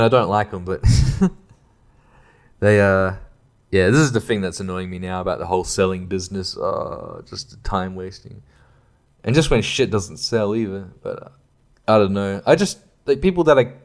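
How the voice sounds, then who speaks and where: Swearing man, low voice. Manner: profane, exasperated ranting. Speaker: podcast host. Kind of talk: rambling casual monologue.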